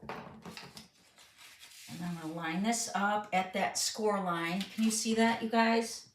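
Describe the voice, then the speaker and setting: A woman's voice: medium pitch, slow pace, recorded from a distance, slight background noise. A middle-aged woman hosting a live card-making tutorial, walking viewers through each step and reading their questions aloud in a chatty way. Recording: roomy sound, voice a bit off-mic.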